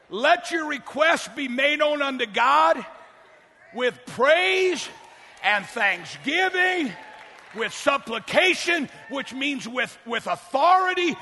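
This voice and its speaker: An older male pastor delivers a fiery sermon, often shouting and racing through quick asides. His voice sits high and bright, cutting through the long reverb of a big church hall. A congregation can be heard faintly behind him. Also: lively intonation, a little hiss or hum. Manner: preaching loudly with fast asides, often shouting.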